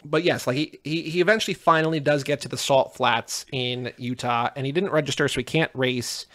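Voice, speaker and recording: A man co-hosting a podcast, casually recapping a movie and acting out the characters' lines in quick asides. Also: mid-range voice, fairly even intonation, a bit bright. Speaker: podcast co-host.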